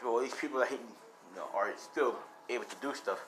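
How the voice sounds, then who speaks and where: A young man rambling through an improvised fan story at a middle pitch, stacking up fillers as he goes. He talks casually and loosely. A faint hiss sits under his voice. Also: normal speed, a bit bright. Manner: rambling, full of "you know" fillers.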